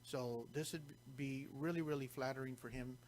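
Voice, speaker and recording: A man speaks in a middle-pitched voice, halting and restarting as he goes. A faint hum and noise sit under him. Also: fairly even intonation, a little mellow. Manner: halting, many restarts and fillers. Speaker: radio guest. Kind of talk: casual radio talk.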